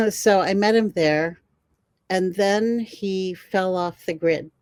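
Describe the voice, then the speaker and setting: Slow-talking older woman telling stories. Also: mid-range voice, no room sound. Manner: animated storyteller, laughs often. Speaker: guest herbalist. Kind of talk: storytelling in an interview.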